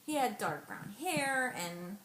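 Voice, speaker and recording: A woman's voice: fairly high pitch, slow pace. Chatty young woman in an echoey room. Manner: animated retelling with quoted dialogue, laughing often. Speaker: vlogger. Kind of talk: casual storytelling. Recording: echoey room, faint noise.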